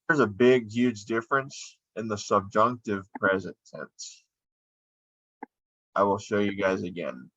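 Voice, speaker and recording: Casting: man, lowish voice, slow and patient, screen-recorded lesson, dull dry lo-fi sound. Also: a bit bright, dry recording. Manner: unhurried, explaining while drawing on screen. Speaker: Spanish teacher.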